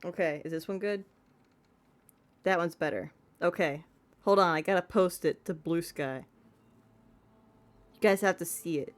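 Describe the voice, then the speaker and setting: A woman's voice: on the low side, unhurried, long pauses. A woman streamer chatting playfully while she plays a game and talks to her cat. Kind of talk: casual gameplay commentary.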